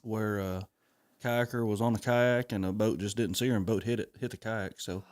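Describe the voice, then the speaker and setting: A young man, a wildlife officer speaking as a guest in a casual radio interview, relaxed and halting. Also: fairly low pitch. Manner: relaxed, laid-back, halting with fillers.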